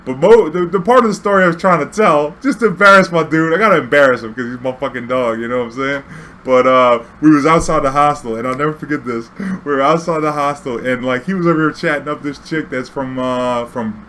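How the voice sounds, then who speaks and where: A man's voice: on the high side, brisk, fairly bright tone. Laid-back, profane man telling a story. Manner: profane, laid-back, full of slang and fillers. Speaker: vlog host. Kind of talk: casual storytelling.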